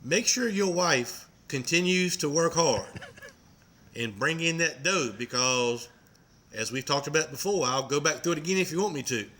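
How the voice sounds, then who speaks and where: A man's voice: a little high, expressive, moderate pace, a bit bright. A man co-hosting a podcast in casual chat, teasing and ribbing his partner. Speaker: podcast co-host.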